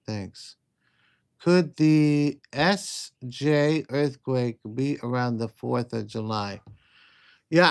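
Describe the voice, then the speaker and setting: Chatty male psychic livestream host. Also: a little high. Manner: chatty, rambling, answers viewer questions. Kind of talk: casual livestream Q&A.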